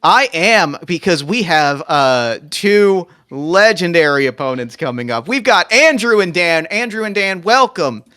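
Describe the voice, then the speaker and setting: A man's voice: high-pitched, animated, a little slow, few pauses, pushed and bright, clear, resonant tone. A man hosting a comedy podcast game, officiating the rounds and announcing winners with upbeat game-show flair. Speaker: host.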